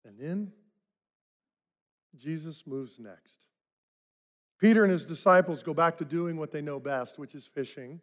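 A man's voice: measured pace, long pauses. Man preaching a dramatic, storytelling sermon. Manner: dramatic storytelling, acting out quoted voices; drops to soft, low tones for reflective points. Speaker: pastor.

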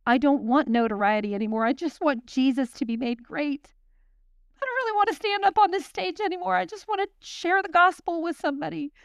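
A young woman leads a Bible study with a chatty, intense, self-deprecating style, then closes by praying over the group. Her high, gravelly voice moves briskly, recorded with clean studio sound and no room sound.

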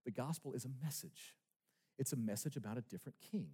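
Male pastor, sermon, emphatic rhetorical questions, lively pitch, large reverberant church. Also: fast talker, slightly rough. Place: church sanctuary. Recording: long reverb of a large hall.

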